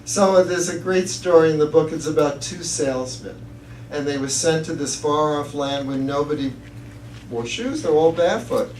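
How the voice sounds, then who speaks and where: A man's voice: on the high side, moderate pace, a little mellow. A man giving an inspirational talk to an audience, telling chatty stories and laughing at his own jokes. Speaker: guest speaker. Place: church hall with audience. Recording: echoey hall, distant mic, faint hiss.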